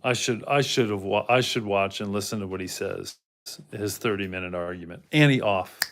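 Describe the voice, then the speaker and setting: A man's voice: fairly low pitch, fairly even intonation, fairly quick, fairly bright tone. A man hosting a casual livestream in a rambling way, reading out chat comments and talking to his dog now and then. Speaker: livestream host.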